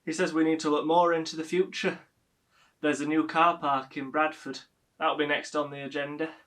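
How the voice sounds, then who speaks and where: A man's voice: on the high side, little pitch movement, moderate pace, a bit bright, close to an everyday voice. Man putting on a giddy mother in her seventies. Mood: chatty. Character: chatty 72-year-old mother, giddy and stubborn. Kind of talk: filmed stage monologue.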